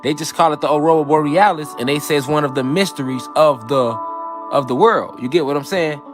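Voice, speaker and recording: A man's voice: on the high side, fairly quick, music in the background. A man giving a casual, emphatic spiritual lecture, repeating key phrases and checking in with his listeners. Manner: loose, conversational, with frequent swearing. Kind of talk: casual documentary monologue.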